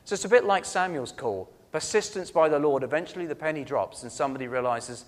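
A man preaching a sermon, telling personal stories with earnest emphasis that swings from loud to soft. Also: on the high side, quick pace, hardly any pauses, big-room sound.

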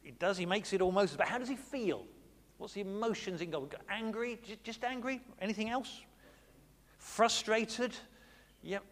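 Male preacher, chatty sermon style, a little high-pitched, recorded in a reverberant church hall. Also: moderate pace, a bit bright. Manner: conversational, asks the congregation questions. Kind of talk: Bible study sermon.

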